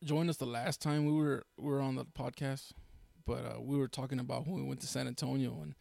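Joking gravelly man on a live stream. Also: mid-range voice, a little fast, no echo. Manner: joking, animated, laughs often. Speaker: podcast co-host. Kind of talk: casual live-stream chat.

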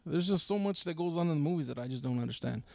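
A man's voice: on the high side, expressive, rapid-fire, creaky, a little mellow. A man co-hosting a casual live-streamed podcast, joking with viewers and laughing often. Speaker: podcast co-host.

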